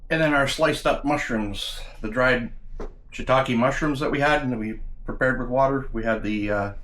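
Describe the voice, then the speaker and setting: Hosting a casual cooking video, a man with a mid-range, somewhat bright voice chats with viewers, calling them guys. He samples his food and keeps talking through pleased mm sounds, and there's a little hiss or hum on the recording.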